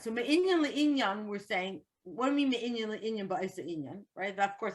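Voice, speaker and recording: A woman's voice: mid-range voice, a bit bright. A woman teaching an online Torah class, reading Hebrew text and translating it line by line into English.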